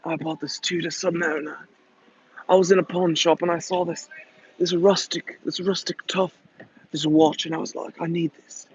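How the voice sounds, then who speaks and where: A man's voice: on the high side, little pitch movement, normal speed, muffled recording, slight background noise, lightly acted. An American man putting on a British accent to play a laid-back male celebrity footballer who tells a dreamy, boastful story. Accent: put-on British.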